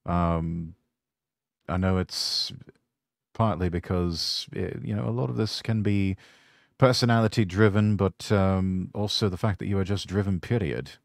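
A man's voice: low voice, no room sound, clean studio sound. A British man from England hosting a podcast interview, chatting in a casual, encouraging way and often restarting his words. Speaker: podcast host.

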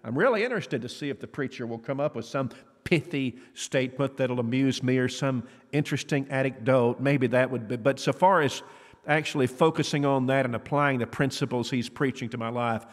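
A man's voice: mid-range voice, a little fast. A man preaching a sermon in an earnest, conversational way, asking his listeners questions. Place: church auditorium. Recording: long reverb of a church hall.

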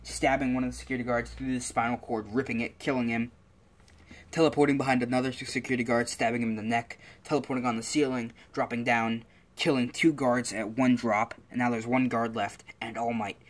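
A man's voice: mid-range voice, little pitch movement, brisk. A man telling a story casually, rambling along with lots of fillers and restarts.

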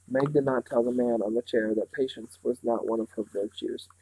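A man reading a novel aloud in a steady, unhurried way, now and then slipping and starting a phrase over. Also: mid-range voice, slightly rough, rough recording. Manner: steady, unhurried reading with small slips and restarts. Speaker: reader.

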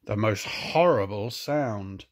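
Slow, lively older grandad reading a storybook. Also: male voice, on the low side. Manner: gentle, expressive, pointing out pictures. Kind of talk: reading a picture book aloud to children.

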